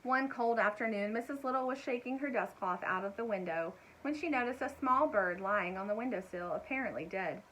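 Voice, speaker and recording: A woman reading a children's chapter book aloud in a gentle, expressive way, adding little asides for young listeners. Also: mid-range voice, brisk, hardly any pauses, a little hiss or hum, low-quality recording. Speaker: storyteller.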